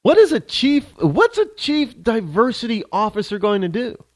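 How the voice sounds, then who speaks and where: Animated, sarcastic male talk show host. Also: very high-pitched, normal speed, dry recording, clean studio sound. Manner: sarcastic, animated, ranting with mock voices. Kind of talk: opinion monologue.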